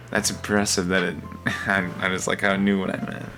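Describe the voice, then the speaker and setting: A man's voice: deep voice, little pitch movement, fairly quick, sharp tone, faint music behind. A man reading out tabletop game narration, with amused asides. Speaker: player reading a game master's text.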